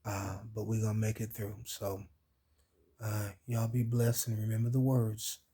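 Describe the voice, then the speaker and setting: A man's voice: fairly low pitch, flat delivery, a little slow, dark tone, husky. A man casually telling a personal story, laughing often, sore and recovering from surgery so that laughing hurts. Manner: laughs often while telling, addresses listeners as y'all. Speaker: vlog host.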